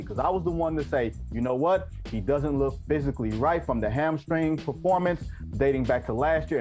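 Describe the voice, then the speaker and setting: A man's voice: medium pitch, a little mellow. A man giving blunt, emphatic opinions as a guest on a basketball talk show, mixing jokes into his arguments. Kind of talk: opinionated sports debate.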